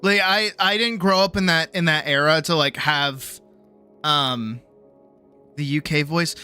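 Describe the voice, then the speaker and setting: A young male game streamer rambles and rants in casual chat, restarting sentences and swearing. His voice is bright and somewhat high. Faint background music plays under him. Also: a little slow, smooth.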